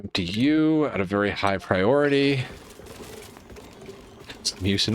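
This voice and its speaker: A man's voice: fairly low pitch, slow, long pauses, fairly bright tone, slight background noise. A man streaming a colony-building game, talking to himself in a casual, muttering way as he plans and fixes things. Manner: muttering to himself while planning. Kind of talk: casual gameplay commentary.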